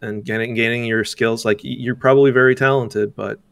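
A man talking casually as an interview guest about making games, halting, restarting his sentences and laughing often. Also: medium pitch, fairly even intonation, gravelly, a bit bright, smooth, dry recording. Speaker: game developer guest.

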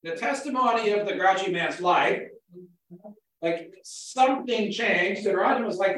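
Pastor, man, high voice, casual conversational preaching, restarts often, heard from a distance in a reverberant church hall. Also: unhurried, a bit bright. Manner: casual, repeats words as he goes. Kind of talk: conversational sermon.

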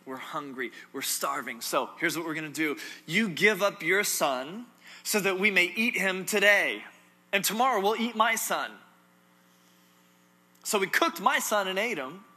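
A man's voice: high-pitched, lively intonation, unhurried, pushed and bright, exaggerated voice. A male preacher voicing a desperate, starving mother who pleads urgently, in a sermon retelling. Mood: pleading.

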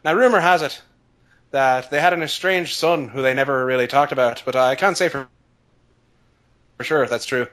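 A man's voice: mid-range voice, moderate pace, long pauses, a bit bright, lightly acted. A man voicing a chatty Irish male boss who tells a grim story in a put-on Irish accent. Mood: spooky storytelling.

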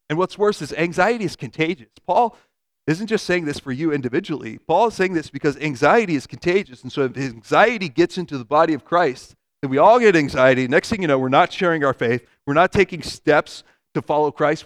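A man preaching a conversational sermon, animated, acting out everyday quotes and vivid hypotheticals. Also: fairly high pitch.

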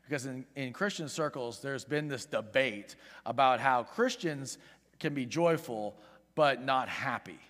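An earnest male pastor preaching to his congregation, pleading with them and then rising in volume to drive a point home. His voice sits at an ordinary middle pitch. The sound carries a long reverb from a large church sanctuary. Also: expressive, unhurried, fairly bright tone. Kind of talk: sermon.

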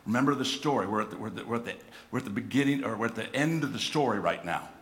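A middle-aged man preaching a sermon, swinging from hushed reflection to loud, impassioned emphasis and often repeating words as he restarts phrases. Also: fairly low pitch, lively intonation, very fast. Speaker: pastor.

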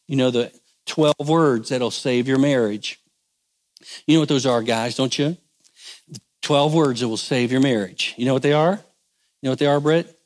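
A man's voice: fairly high pitch, a little slow. A male pastor giving a folksy, conversational sermon on marriage, asking the congregation for responses.

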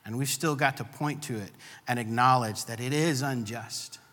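A man's voice: medium pitch, normal speed, bright, forceful tone, long reverb tail. A man preaching a sermon, earnest and building emphasis through repeated phrases. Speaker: pastor.

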